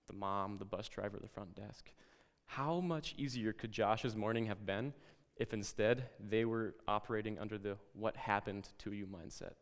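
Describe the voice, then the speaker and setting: A man presenting a lesson to educators, speaking in a calm, reflective, guiding way and telling a story. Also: fairly low pitch, moderate pace, long reverb tail.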